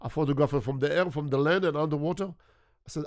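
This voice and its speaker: Older guy from israel, ish english, earnest, kinda higher voice. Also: fast, darkish tone. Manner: earnest, repeats words, non-native grammar. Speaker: guest photographer. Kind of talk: conversational interview storytelling.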